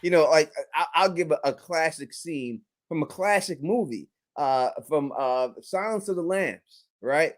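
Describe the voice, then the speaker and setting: A man co-hosting a casual TV recap chat, lively and profane, reenacting scenes with big pitch swings. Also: a little slow, few pauses. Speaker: podcast co-host.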